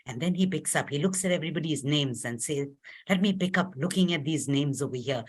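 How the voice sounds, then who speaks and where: A woman facilitating an online arts workshop, gently instructing and telling a story as she leads group voice exercises. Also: sits low, fairly quick, breathy edge. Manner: storytelling narration with soft asides. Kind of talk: guided arts workshop over a webinar.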